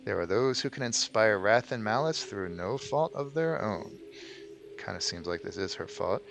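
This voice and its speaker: Low-voiced man chatting over gameplay. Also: lively intonation, normal speed, gravelly, a bit bright, a little hiss or hum. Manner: rambling, many ums and restarts. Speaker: let's play host. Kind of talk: casual gameplay commentary.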